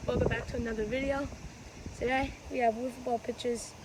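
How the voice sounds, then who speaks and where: A woman's voice: a little high, steady tone, normal speed. A woman hosting a casual how-to vlog outdoors on a windy day, rambling and correcting herself as she explains, recorded on a phone. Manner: rambling, chatty, self-correcting. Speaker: wiffleball player and channel host. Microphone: phone camera.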